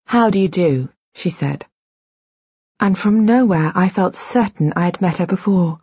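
A woman's voice: lowish voice, animated, unhurried, mellow, husky, no echo, lo-fi sound, full character voice. Poised older woman doctor, read by the narrator. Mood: polite.

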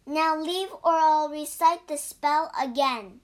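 A woman's voice: high-pitched, slow, voice pushed up. A woman voicing a stern male monk who scolds reproachfully, in a storybook reading.

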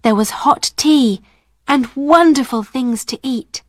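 A woman narrating a graded-reader storybook in a slow, clear, careful way. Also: sits high, no echo, studio quality. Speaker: audiobook narrator.

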